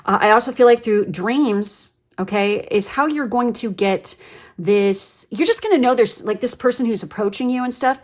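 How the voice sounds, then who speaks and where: A woman's voice: on the high side, moderate pace. A woman giving a casual tarot reading, talking bluntly in a rambling way, swearing often and filling her talk with fillers. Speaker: tarot card reader.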